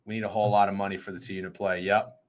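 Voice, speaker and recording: Excitable, foul-mouthed man hosting a betting show. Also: sits low, racing. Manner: excitable, profane and rambling. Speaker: sports betting show host. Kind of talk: casual sports betting chat.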